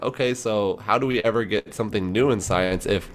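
A man co-hosting a casual podcast, talking in a rambling, animated way with fillers and laughs. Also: fairly low pitch, brisk, few pauses, a little hiss or hum. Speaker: podcast host.

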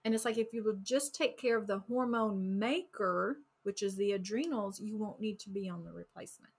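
A woman co-hosting a casual health talk, speaking with enthusiasm and quick exclamations. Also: medium pitch, slightly rough. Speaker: podcast co-host.

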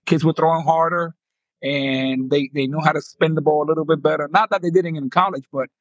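A man's voice: on the high side, fairly quick, no echo, poor audio. A man in his fifties from the Dominican Republic with a New York accent, a former ballplayer animatedly telling stories in an interview and acting out quotes. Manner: animated storyteller, acts out quotes, laughs often. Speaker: former pro baseball player, guest. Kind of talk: storytelling interview.

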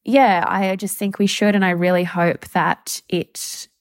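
A young woman hosting a solo podcast, reflecting in a soft, halting, heartfelt way as a mother. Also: mid-range voice, level tone, dry recording, clean studio sound. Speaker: podcast host.

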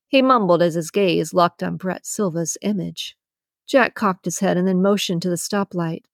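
A woman narrating a romance audiobook in a steady, even storytelling manner. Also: lowish voice, moderate pace, creaky, no room sound, clean studio sound. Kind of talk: scripted narration.

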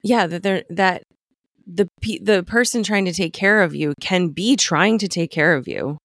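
A woman co-hosting a podcast, talking slowly and reflectively, restarting her sentences as she searches for words. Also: fairly low pitch, fairly bright tone, dry recording, clean studio sound. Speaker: podcast co-host. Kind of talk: casual conversation.

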